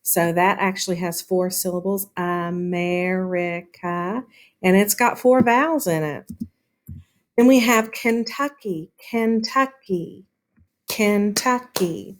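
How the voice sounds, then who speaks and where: A woman teaching a lesson, explaining patiently and sounding words out slowly, with frequent "um" fillers. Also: mid-range voice, a little hiss or hum. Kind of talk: classroom lesson on syllables.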